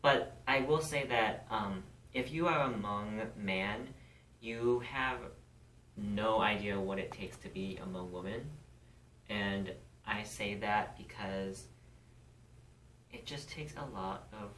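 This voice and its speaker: A woman's voice: a bass voice, slow pace, fairly bright tone, a little hiss or hum. A woman co-hosting a casual podcast chat, candid and outspoken, swearing freely as she speaks with conviction. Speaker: podcast co-host.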